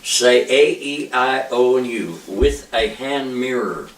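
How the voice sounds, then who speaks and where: A man, a preacher, giving an informal ventriloquism lesson with slow, patient, drawn-out demonstrations. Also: mid-range voice, expressive, slight background noise. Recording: echoey room, mic far off.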